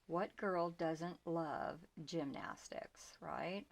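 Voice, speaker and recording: An older woman talks slowly and homely about the ribbons she sells, in a lowish voice. She often trails off into a near whisper as she handles things. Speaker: small shop owner showing ribbons. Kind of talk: casual product show-and-tell.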